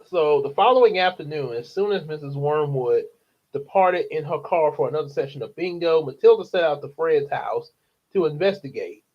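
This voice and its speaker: A man's voice: on the high side, animated, muffled recording. A man reading a children's novel aloud in a casual way, with chatty asides to his listeners. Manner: chatty asides, laughing, unhurried. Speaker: storyteller. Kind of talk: casual storybook read-aloud.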